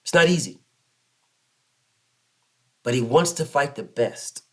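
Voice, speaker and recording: A man in giving an emphatic, repetitive solo commentary rant as host, often mocking others in low put-on voices. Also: animated, slow.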